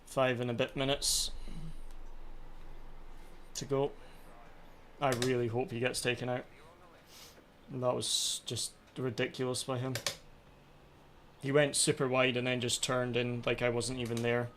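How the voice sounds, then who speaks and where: A man's voice: mid-range voice, flat delivery, measured pace, long pauses, fairly bright tone, a little hiss or hum. A man streaming a racing sim live, ranting in frustration at his own races as he plays. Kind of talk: live gameplay commentary.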